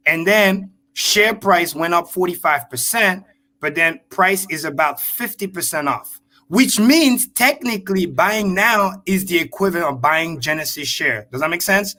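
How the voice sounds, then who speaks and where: A man talking through trading charts on a casual livestream, emphatic and blunt, with swearing, repeating key points slowly. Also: high-pitched, animated, bright, forceful tone. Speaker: guest crypto trader.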